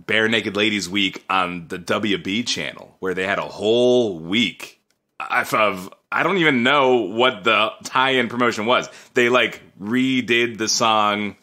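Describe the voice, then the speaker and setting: A young adult man co-hosting a podcast in casual chat, jokey and self-deprecating with quick asides. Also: fairly low pitch, bright, forceful tone. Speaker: podcast co-host.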